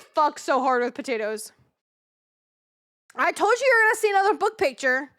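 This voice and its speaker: Young woman streamer, very high voice, rambling, excitable and swearing casually. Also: moderate pace, pauses often. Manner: rambling, excitable, swears freely, repeats herself. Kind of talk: casual live-stream chat.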